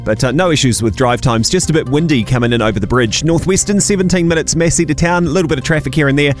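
A man with a New Zealand accent reading the radio traffic and weather report in a brisk, matter-of-fact way. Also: on the high side, soft background music.

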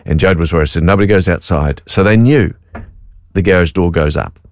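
A middle-aged man hosting breakfast radio, telling a story in an animated way, acting out voices and laughing often. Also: low-pitched, fairly quick, no room sound, clean studio sound. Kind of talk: casual radio chat, storytelling.

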